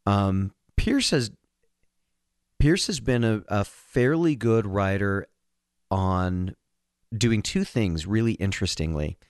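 A man with a very deep voice speaks earnestly in a casual book chat, with self-deprecating asides and plenty of fillers. The sound is dry and close-miked, with no room around it. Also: expressive, slow pace, no room sound. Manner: earnest and emotional, reads a passage aloud, self-deprecating. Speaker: podcast co-host.

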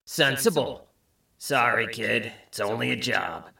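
Man voicing a gravelly ruthless mercenary. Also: mid-range voice, animated, bright, forceful tone, echoey room, far from the mic, exaggerated voice. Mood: callous. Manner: slow, gravelly, callous. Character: armored male mercenary, cold, ruthless.

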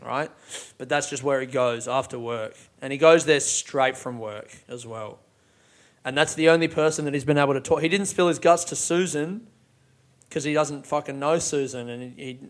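A young man casually breaking down song lyrics, swearing freely and laughing often as he talks. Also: on the high side. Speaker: music reviewer.

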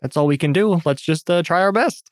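A man playing a character in a tabletop game, lively and self-mocking, often laughing. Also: on the high side, fairly quick, no echo. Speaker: player.

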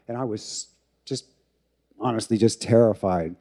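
A middle-aged man tells a personal story to an audience. His voice is deep in tone, very dark and mellow. He talks candidly and pokes fun at himself. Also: steady tone, moderate pace. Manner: candid, self-mocking, with laughs.

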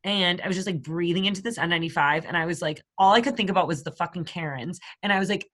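A woman's voice: fairly low pitch, fast, hardly any pauses, fairly bright tone. A woman in her thirties from the Boston area, co-hosting a podcast and telling rambling stories full of swearing. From Boston area, USA. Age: 30s. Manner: profane, rambling storyteller. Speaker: podcast co-host. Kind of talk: casual chat.

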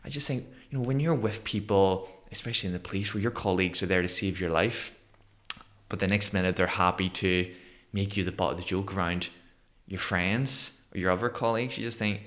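A man in his thirties from Northern Ireland with a Northern Irish accent, a podcast guest telling his story in an animated way and acting out the voices of people he quotes. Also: on the low side, fairly quick. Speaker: guest, motivational speaker. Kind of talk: conversational storytelling interview.

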